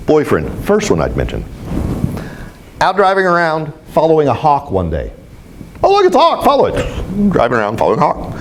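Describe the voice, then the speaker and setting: Lively man telling stories. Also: mid-range voice, slight background noise. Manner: animated, self-mocking storyteller. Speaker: spiritual teacher. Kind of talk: storytelling talk to a group.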